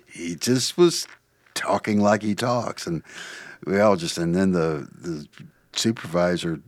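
Deep-voiced man telling rambling stories. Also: measured pace, no room sound. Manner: rambling anecdotes with frequent restarts. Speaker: podcast co-host. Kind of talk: casual chat.

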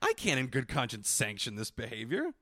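A man co-hosting a comedy podcast, trading sarcastic deadpan jokes in casual chat. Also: medium pitch, fairly quick. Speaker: podcast co-host.

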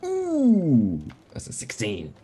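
A man playing a tabletop game, musing out loud about his character's actions with many fillers. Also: fairly high pitch, wildly swooping pitch, slow, a little hiss or hum. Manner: musing, thinks aloud with fillers. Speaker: player. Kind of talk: casual tabletop game play.

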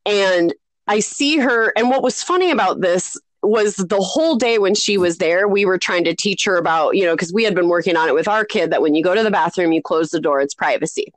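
A woman's voice: a little fast, no echo. A woman in her thirties, a podcast co-host, telling a story in casual chat, acting out other people's voices and laughing often. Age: 30s. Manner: animated, acts out quoted voices with big pitch jumps.

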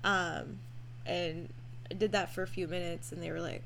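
A woman's voice: fairly low pitch, fairly even intonation, normal speed, vocal fry, fairly bright tone, a little hiss or hum. A woman co-hosting a podcast, chatty and teasing in casual conversation. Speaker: podcast co-host. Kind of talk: casual chat.

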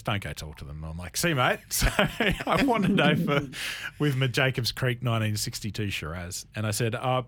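A man hosting a wine talk show on radio, telling animated anecdotes in casual chat. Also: lowish voice, no echo. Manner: animated storyteller, lively anecdotes with laughs. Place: radio studio.

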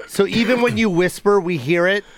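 A man hosting a comedy podcast, telling stories in an animated, profane way. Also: high-pitched, moderate pace, no room sound. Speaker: podcast host. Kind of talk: casual comedic chat.

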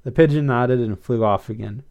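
A man narrating a story aloud in an expressive, lively way. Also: mid-range voice, normal speed. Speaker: story reader.

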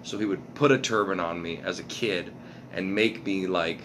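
A man's voice: sits low, moderate pace, background noise. A Canadian comedian, a man, chatting casually as a guest and rambling with lots of fillers and swearing. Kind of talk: casual podcast chat.

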